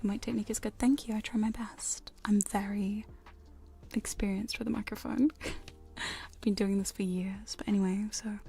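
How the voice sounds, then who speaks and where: A woman chatting in a soft, giggly whisper on a live hypnosis ASMR stream, close to studio mics in her home studio. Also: mid-range voice, fairly even intonation, normal speed, creaky. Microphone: studio condenser and binaural mics.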